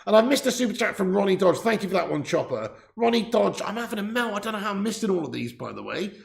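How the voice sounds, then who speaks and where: Gravelly, chatty man in an echoey room. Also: high voice, big pitch swings, quick pace. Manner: chatty, laughs often, reads out viewer messages. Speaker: live stream host. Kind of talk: casual live watch-along chat. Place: room indoors. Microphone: laptop mic set far away with gain turned up.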